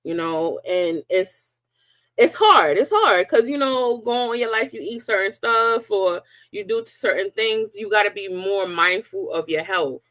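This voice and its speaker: A middle-aged woman hosting a casual live chat, talking slowly with many fillers. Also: mid-range voice, animated, a bit bright, no room sound. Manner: slow, drawn-out talk with frequent fillers. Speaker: live stream host.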